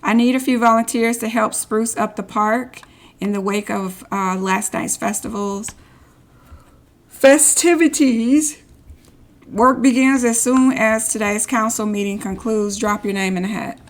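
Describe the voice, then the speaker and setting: A woman's voice: medium pitch, fairly even intonation, normal speed. A woman streaming a story game, reading in-game social posts aloud and adding sarcastic asides. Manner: sarcastic asides between read-outs. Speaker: gameplay streamer.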